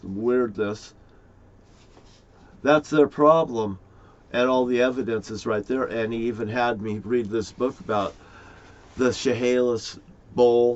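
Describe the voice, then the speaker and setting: A middle-aged man, an amateur crime sleuth, rambles in a loose, profane monologue and chuckles often. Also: on the low side. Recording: dull lo-fi recording.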